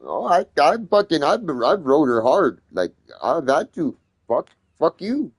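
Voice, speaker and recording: A man telling a heated story in casual conversation, swearing constantly and getting loud when he retells arguments. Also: on the high side, sing-song, unhurried, slightly rough.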